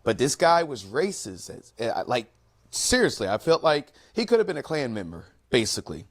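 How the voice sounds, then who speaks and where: A man hosting an online talk show, speaking in an earnest, measured way with occasional pauses. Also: medium pitch, big pitch swings. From United States. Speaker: host. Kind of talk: casual commentary talk.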